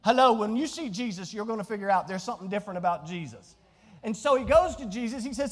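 A man's voice: high voice, lively intonation, a little fast. A man preaching a sermon as pastor, calling out questions to the congregation. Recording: long hall reverb.

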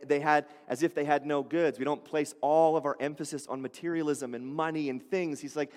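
Male pastor, high voice, chatty sermon with asides, long hall reverb. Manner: conversational preaching with casual asides.

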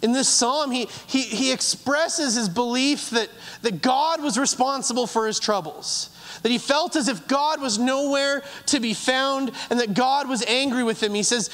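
A man preaching a sermon, earnest and halting, often repeating words and letting phrases fade away softly. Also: very high-pitched. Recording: long hall reverb.

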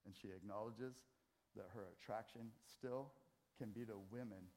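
A middle-aged man preaching a sermon in a church, swinging from loud scripture readings to quiet asides. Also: fairly low pitch, normal speed. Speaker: pastor. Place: church sanctuary.

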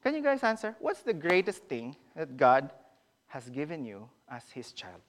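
A man preaching a sermon, animated, and often putting direct questions to the congregation. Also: fairly high pitch, moderate pace.

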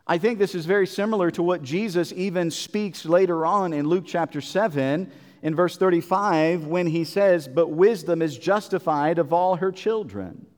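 A man's voice: high voice, moderate pace, long reverb tail. A man preaching a Bible sermon in an earnest, repetitive way, with many fillers and restarts.

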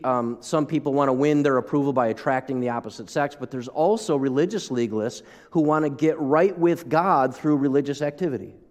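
Pastor preaching in a reverberant hall. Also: male voice, mid-range voice, a little mellow. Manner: conversational, with asides to the congregation. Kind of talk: sermon. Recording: long reverb of a large hall.

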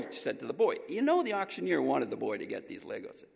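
A man preaching a sermon through an animated, emphatic story. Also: mid-range voice, fast talker, vocal fry, few pauses, breathy edge. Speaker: pastor. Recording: long reverb in a large hall.

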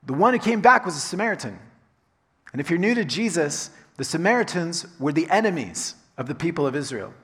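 A man preaching a sermon as pastor, talking in a relaxed, chatty way and laughing now and then. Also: a little high. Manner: conversational, chatty with laughing asides. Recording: long reverb of a large hall.

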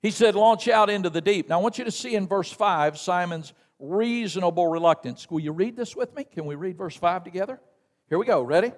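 A man with a Southern American accent preaching an emphatic sermon as a missionary, calling out to the congregation and building toward near-shouts. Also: sits high, fairly quick, hardly any pauses. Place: church sanctuary. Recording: long hall reverb in a church.

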